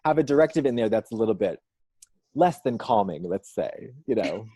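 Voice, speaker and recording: A man's voice: on the low side, very animated, a little fast, dark tone, husky, dry recording. A man in a casual interview, rambling with lots of fillers and restarts and making dry jokes. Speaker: drag performer and musician, guest.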